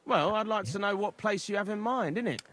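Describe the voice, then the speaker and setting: A man's voice: sits high, a little fast, a crowd in the background, natural voice. An actor voicing a nervous, stammering male informant with a cockney-like English accent in a video game. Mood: grumbling. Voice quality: stammering, jittery. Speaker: game character.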